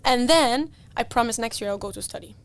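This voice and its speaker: Woman guest, quick and high, lively storyteller, laughs through her anecdotes. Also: clear, resonant tone. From Spain. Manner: animated, giggly storyteller. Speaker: racing driver guest. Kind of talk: casual storytelling chat.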